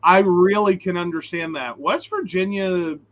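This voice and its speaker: A man with a high, bright voice chats in a lively, animated way as co-host of a live stream. He reads out viewer questions between his stories. The audio is dull and lo-fi, like a video call. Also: a little slow. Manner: chatty, animated storytelling.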